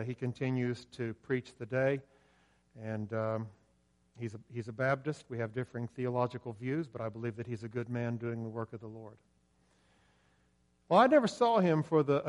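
A man from preaching a sermon, earnest and conversational, with hesitant restarts. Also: mid-range voice. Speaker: pastor.

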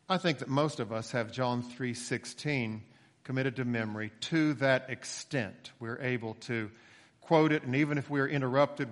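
Male preacher, measured emphatic delivery, mid-pitched voice, echoing church hall. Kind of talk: sermon with scripture reading.

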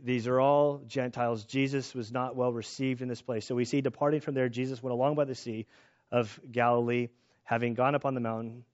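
A man preaching a sermon in a casual, animated way, joking about himself and often restarting his sentences. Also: mid-range voice. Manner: casual, animated, self-deprecating jokes, many restarts. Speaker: pastor. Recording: slightly dull lo-fi sound.

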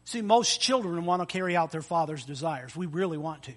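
Bright, high-voiced preaching man. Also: a little fast. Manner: animated preaching with acted-out voices and sound effects. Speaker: pastor. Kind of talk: sermon.

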